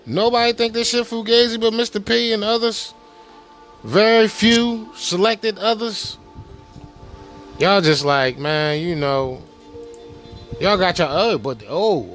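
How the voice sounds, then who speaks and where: Animated man ranting with heavy slang. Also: fairly high pitch. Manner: animated, profane, street slang, rhetorical questions. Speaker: podcast host. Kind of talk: casual rant.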